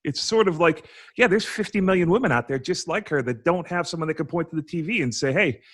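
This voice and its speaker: A man co-hosting a podcast, reacting quickly and with enthusiasm in casual chat. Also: on the high side. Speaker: podcast co-host.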